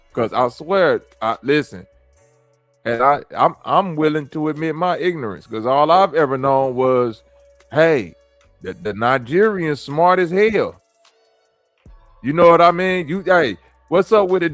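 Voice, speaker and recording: A man's voice: on the high side, fairly bright tone, dry recording. A man from the American Midwest hosting a stream, reacting to clips and talking to his chat in blunt, profane slang. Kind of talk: casual commentary with chat.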